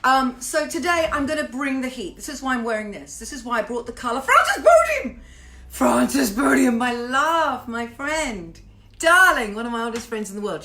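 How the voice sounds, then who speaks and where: A British woman singer hosting a casual home livestream, chatty and warm with viewers, greeting them by name and swearing playfully. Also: on the high side. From Britain.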